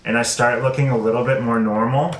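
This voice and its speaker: A man's voice: medium pitch, fairly even intonation, fairly quick, echoey room. A man playing in a tabletop game, describing his character's actions in a laid-back, amused way. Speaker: player. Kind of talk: tabletop role-play.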